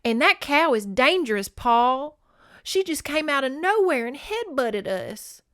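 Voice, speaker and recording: A woman's voice: high voice, sing-song, measured pace, a bit bright, dry recording, studio quality, voice pushed up, exaggerated voice. A woman voicing whiny little bullies tattling to their father, in a mocking tone.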